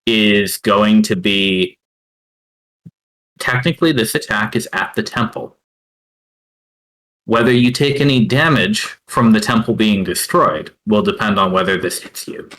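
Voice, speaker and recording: A man narrating as game master of a tabletop game, hesitant and full of filler pauses. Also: lowish voice, sharp tone, poor audio.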